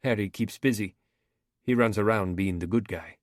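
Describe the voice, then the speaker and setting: A man reading an audiobook, voicing a smooth Somali pirate commander with an African accent, calm and proud. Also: on the low side, moderate pace, no room sound, clean studio sound, lightly acted.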